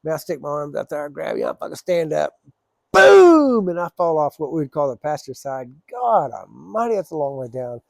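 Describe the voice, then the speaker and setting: A man's voice: on the high side, expressive, quick pace, gravelly, hardly any pauses, a little mellow, dry recording, studio quality. A man telling rambling, profane stories in a casual, laid-back way. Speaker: storyteller. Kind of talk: casual storytelling.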